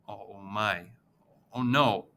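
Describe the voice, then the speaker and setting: A man voicing a gentle, worried middle-aged father who speaks softly and reassuringly. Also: fairly low pitch, drawn-out words, creaky, exaggerated voice. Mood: shaken.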